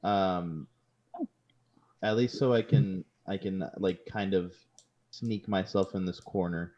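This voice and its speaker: Young male player, low, halting delivery; dull lo-fi mic. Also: steady tone, a little mellow. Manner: halting, stammers and repeats. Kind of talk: casual tabletop chat.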